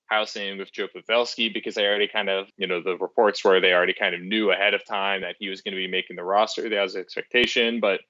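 A man's voice: deep voice, fairly even intonation, quick pace, few pauses, sharp tone, dry recording, dull audio. Rambling male hockey podcast co-host. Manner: rambling, many fillers and restarts. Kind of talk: casual chat.

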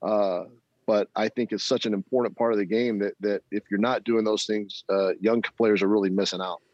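This middle-aged former ballplayer has a voice on the low side and a moderate pace. As an interview guest, he's a lively storyteller who laughs frequently and performs the voices of people he quotes, heard through dull audio with no room sound.

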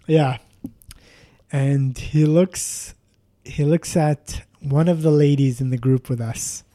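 A man with a mellow, medium-pitched voice spins a funny story on a podcast. He rambles, leans on fillers, swears a lot, and erupts into exasperated outbursts.

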